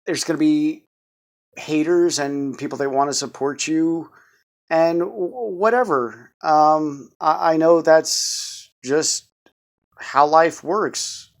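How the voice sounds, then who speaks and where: A man's voice: a little high, steady tone, takes it slowly. A man in his thirties giving a rambling, stammering vlog update in a jumpy voice. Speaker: vlogger.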